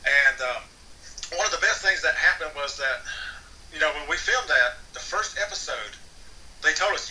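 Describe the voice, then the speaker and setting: Bright-voiced man telling an animated story. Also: fairly high pitch. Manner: animated storyteller with frequent restarts and laughs. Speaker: guest, TV extra. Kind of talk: casual anecdote telling. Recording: distant mic with faint background noise.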